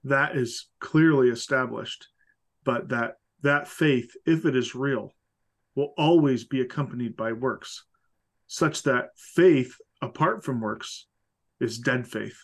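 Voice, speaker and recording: Man, slow unhurried speech, calm affirming tone, Bible discussion. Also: mid-range voice. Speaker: podcast co-host.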